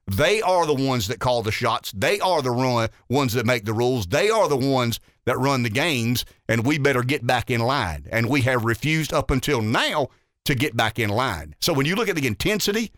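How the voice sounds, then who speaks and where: A man's voice: medium pitch, a bit bright, no echo, studio quality. A man hosting a talk radio show, delivering an emphatic, opinionated political monologue and often repeating words as he builds a point.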